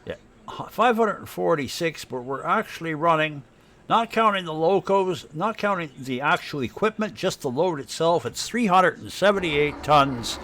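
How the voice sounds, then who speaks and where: A man with an Ottawa Valley accent talks through a live game stream, rambling and thinking aloud. His voice sits high and swoops up and down constantly. He is easygoing and chatty throughout. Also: lively intonation, normal speed, fairly bright tone, slight background noise. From Ottawa, Canada. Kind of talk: live gameplay commentary.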